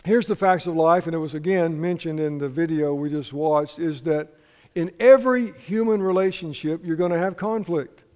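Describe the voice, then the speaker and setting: High-voiced pastor preaching in a reverberant hall. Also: male voice, moderate pace, darkish tone, clear, resonant tone. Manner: folksy storytelling, asks the congregation questions. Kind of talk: sermon. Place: church sanctuary.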